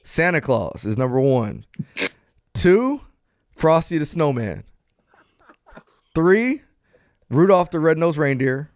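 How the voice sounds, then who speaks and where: A man hosting a casual podcast, upbeat and quick to laugh, turning earnest at the close. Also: medium pitch, dry recording. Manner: upbeat, laughs easily, earnest when closing. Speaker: podcast host.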